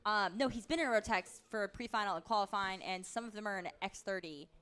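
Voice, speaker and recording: A chatty woman calling a live kart race, quick to laugh and exclaim whenever drivers make a move. Her voice sits at an ordinary middle pitch for a woman. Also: clear, resonant tone. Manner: chatty, excitable, laughs often.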